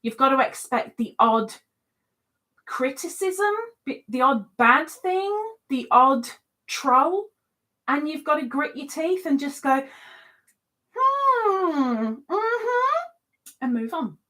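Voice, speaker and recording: A woman's voice: high-pitched, expressive, slow pace, pushed and bright. A woman hosting a casual live stream, reading out viewers' comments and answering them in a teasing, chatty way.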